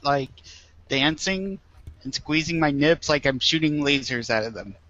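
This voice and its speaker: A man's voice: a little high, expressive, unhurried, a bit bright, dry recording, dull audio. A man playing a tabletop game, talking casually in a goofy way. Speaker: player.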